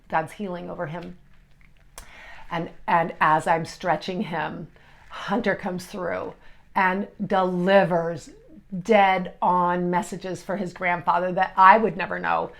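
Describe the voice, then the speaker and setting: A middle-aged woman, an energy healer, telling a personal story in an emotional, halting way with many restarts. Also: on the low side.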